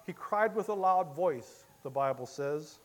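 Impassioned male preacher, hushed to loud. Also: fairly high pitch, lively intonation, a little slow. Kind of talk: sermon with dramatic first-person storytelling.

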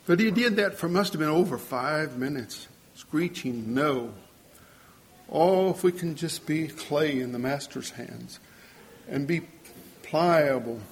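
An older man preaching a sermon, earnest and storytelling, acting out the voices of people in his stories. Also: on the high side.

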